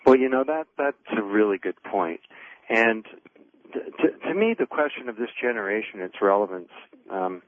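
Man guest on a phone line, husky lower voice, animated storyteller. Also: moderate pace. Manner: animated, acts out the people he quotes. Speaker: guest author. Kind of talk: anecdotal storytelling.

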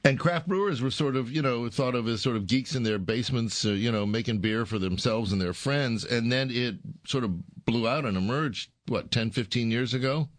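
A man's voice: mid-range voice, dry recording. A middle-aged man hosting a casual food-and-drink radio talk show, joking and bantering with his co-host. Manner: joking, bantering, a bit halting.

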